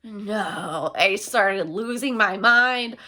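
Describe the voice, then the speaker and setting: A young woman vlogger chatting casually through a storytime, excitable and full of fillers. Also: mid-range voice, a little fast.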